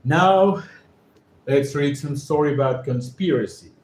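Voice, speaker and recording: A man whose first language is Spanish reads an article aloud for English practice, stopping often to repeat words and check how they are pronounced. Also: on the high side. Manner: halting, stops to repeat words and check pronunciation. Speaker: English learner reading aloud. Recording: roomy echo with faint background noise.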